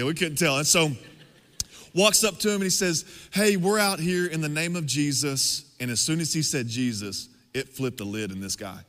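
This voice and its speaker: A man preaching, telling a personal story in a lively, conversational way to his congregation. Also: on the high side. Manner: animated, conversational storytelling with laughs. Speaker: pastor. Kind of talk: sermon storytelling. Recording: long hall reverb.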